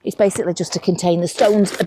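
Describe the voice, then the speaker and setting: A woman's voice: lowish voice, fairly even intonation, fast, very noisy. A woman chatting casually to camera while working at her allotment, with playful conspiratorial asides. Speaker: allotment vlogger. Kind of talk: casual chat while gardening. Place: outdoor allotment garden.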